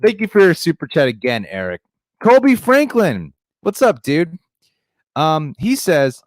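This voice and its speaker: A man's voice: fairly high pitch, huge pitch swings, a little slow, dry recording. A young man co-hosting a casual livestream, reading viewer chats, laughing often and restarting his sentences.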